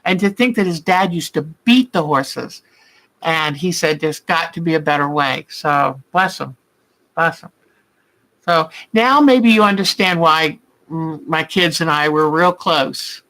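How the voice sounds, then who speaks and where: A woman's voice: sits low, slow, fairly bright tone, rough recording. An older woman hosting a quilting channel, chatting casually and heartfelt with her viewers, calling them by name and often laughing with emotion. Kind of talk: casual live chat with viewers.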